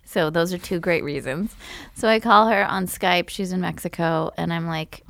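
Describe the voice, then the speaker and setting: A young adult woman hosting a podcast, chatting casually and telling an animated story, acting out the voices of the people she quotes. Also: fairly low pitch, normal speed, creaky, no echo. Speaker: podcast host. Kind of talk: casual comedic chat.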